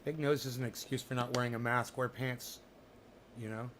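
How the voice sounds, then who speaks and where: A man's voice: mid-range voice, fairly even intonation, normal speed, background noise. A man hosting a livestream, talking in a rambling, profane, sarcastic rant. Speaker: livestream host. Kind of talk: casual ranting livestream chat.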